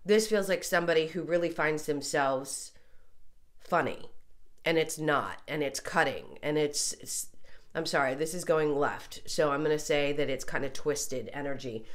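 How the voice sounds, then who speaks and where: A low-pitched woman gives a casual tarot reading, her voice stuffy and congested from a recent illness. She talks in a chatty, loose way, with little apologies and ums along the way. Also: moderate pace. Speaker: tarot reader.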